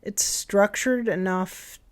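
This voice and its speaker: A woman's voice: medium pitch, steady tone, takes it slowly. A woman in her fifties, a guest in a casual interview chat, who meanders and restarts her sentences. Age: 50s. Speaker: camp owner, guest.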